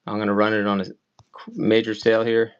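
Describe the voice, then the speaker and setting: A man's voice: lowish voice, monotone, brisk, smooth. A man from Maryland with a slight Maryland accent, rambling chattily as an online auction seller on a live stream. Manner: rambling, chatty, many "like" fillers. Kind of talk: casual live-selling chat. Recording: slightly dull lo-fi stream audio.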